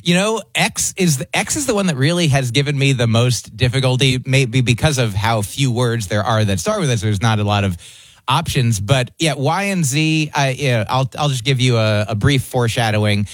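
A man's voice: mid-range voice, expressive, normal speed, no echo. Comedian guest, male, chatty and self-interrupting, dry close mic. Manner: rambling, self-interrupting, jokey. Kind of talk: casual interview chat.

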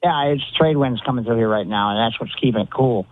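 A man calling in to a radio show, relaxed and rambling with a few hesitations. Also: mid-range voice, fast, no room sound. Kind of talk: casual call-in chat. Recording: tinny phone line.

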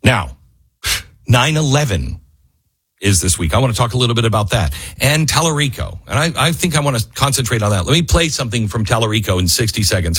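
Male radio talk host, husky, voice swings wide when worked up, fiery monologue. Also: mid-range voice, expressive, a little fast, faint music behind. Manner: rising to near-yelling, fiery and exasperated. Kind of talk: impassioned political monologue. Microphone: studio microphone.

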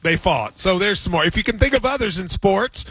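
Sports radio host, male, high and bright, teasing chatter, dry close mic. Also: expressive, a little fast, slightly rough, no echo, faint music behind. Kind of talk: casual radio chat.

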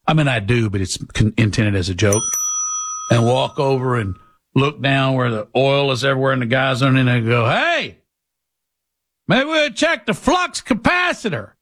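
Man, political talk host, husky voice, blunt and lecturing, opinionated monologue. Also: steady tone, fairly quick. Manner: blunt, lecturing, mocks people in high put-on voices.

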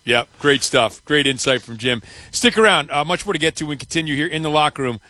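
A man's voice: on the high side, fast talker, very noisy. A man hosting a sports radio show, thanking a guest and teasing what comes next. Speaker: radio host. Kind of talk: radio show host wrap-up.

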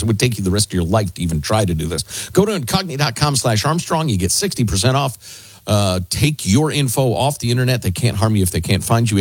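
Male radio host, Chicago-area native, forceful commentary, slightly husky, dry studio. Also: on the low side, dry recording. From Chicago area, United States. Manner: forceful, conversational, reads ad copy.

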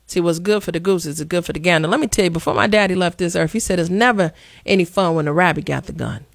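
A woman's voice: on the low side, fast, gravelly, no echo, clean studio sound. A woman hosting a call-in talk radio show, blunt and sassy, pressing her callers hard.

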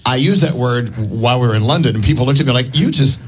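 A man's voice: medium pitch, quick pace, a little hiss or hum. A man hosting a radio show, telling stories in a chuckling, emphatic way. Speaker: radio host. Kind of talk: casual radio chat. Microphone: studio microphone.

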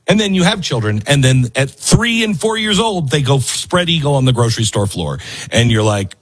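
Husky man with lively emphatic delivery. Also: mid-range voice, normal speed. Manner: emphatic, repeats phrases for effect. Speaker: commentary show host. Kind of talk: opinionated commentary.

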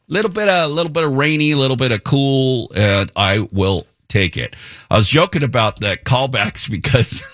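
A man's voice: mid-range voice, a bit bright, no room sound, clean studio sound. A man hosting a morning radio talk show, chatting casually with wry, rambling asides and chuckles. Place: radio studio. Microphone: studio microphone.

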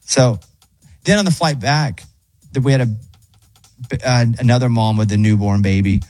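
A man's voice: mid-range voice, unhurried, darkish tone, no echo. A man hosting a radio show, telling a rambling, self-deprecating story in casual on-air chat.

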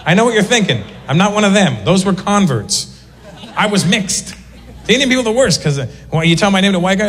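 A man doing a stand-up routine, animated, slipping into voices of the people he mimics, recorded live in a club. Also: high voice, quick pace, long reverb tail. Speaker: stand-up comedian. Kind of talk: stand-up routine before a laughing crowd.

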